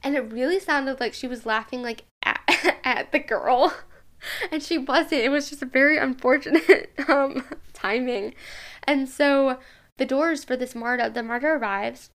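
A young woman hosts a podcast and tells a personal story in a casual, chatty monologue, full of fillers and frequent laughter. Her voice is high-pitched and a bit bright, and she speaks a little slowly.

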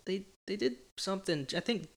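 A man's voice: sits high, normal speed, gravelly. A man co-hosting a sports talk show, chatting casually and playfully about stats. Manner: animated, playful, counts stats aloud. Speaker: sports podcast co-host.

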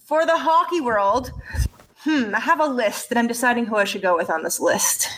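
A woman co-hosting a podcast in casual chat, animated and swearing as she rants and laughs. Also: a little high, normal speed. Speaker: podcast co-host.

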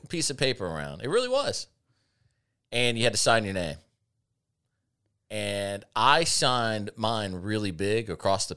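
Man, very low voice, casual chat host, sardonic storyteller, laughs a lot. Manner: sardonic, animated anecdotes, laughs often. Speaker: podcast host.

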